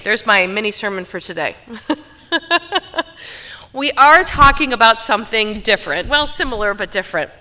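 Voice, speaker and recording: A woman's voice: medium pitch, bright, forceful tone. A woman pastor giving an informal, earnest sermon to her congregation, talking conversationally with frequent asides. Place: church sanctuary.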